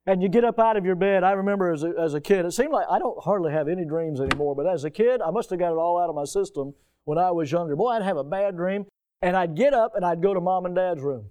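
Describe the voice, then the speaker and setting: A middle-aged man preaching a sermon, telling a personal story and stretching key words slowly for emphasis. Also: sits high, darkish tone. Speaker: pastor.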